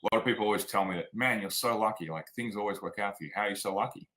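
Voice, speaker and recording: A man's voice: on the low side, racing, a bit bright, a little hiss or hum, low-quality recording. A man with an Australian accent, telling stories frankly as a guest in a casual interview. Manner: frank and plainspoken, drops "like" and "man". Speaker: guest, performance coach.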